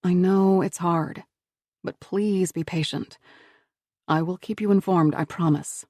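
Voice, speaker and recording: Woman voicing a calm female agent, firm, reassuring, low voice, dry sound. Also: moderate pace, no room sound, lightly acted.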